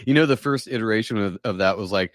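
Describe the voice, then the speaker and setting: A man on a podcast, cracking jokes and slipping into quick comic bits. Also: lowish voice, no echo, clean studio sound. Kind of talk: casual podcast chat.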